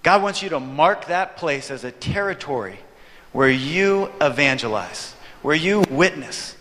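Animated male preacher in a reverberant hall. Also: on the high side, a little slow. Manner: animated storyteller, acts out his own reactions. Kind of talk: sermon with storytelling.

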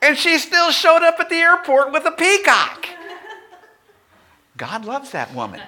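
A man's voice: very high voice, very animated, a little slow, pauses often, bright, forceful tone. A middle-aged male pastor preaching a sermon in a conversational way, with humorous asides.

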